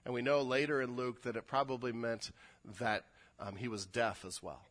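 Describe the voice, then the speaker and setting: A man preaching a sermon in an animated way, building to emphatic peaks. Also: medium pitch, moderate pace. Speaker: pastor.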